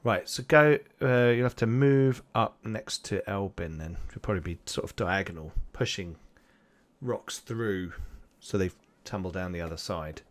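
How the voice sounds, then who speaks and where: Low-voiced rambling game master. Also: male voice, normal speed. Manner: loose, rambling, with many fillers and laughs. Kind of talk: narrating a tabletop game.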